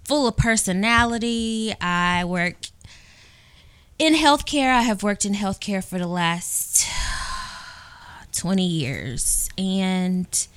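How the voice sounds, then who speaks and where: A woman's voice: medium pitch, expressive, takes it slowly, fairly bright tone, clean tone, no room sound. A woman with a Southern US accent, co-hosting a casual podcast and chatting playfully with stories. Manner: playful, talkative, storytelling. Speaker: podcast co-host.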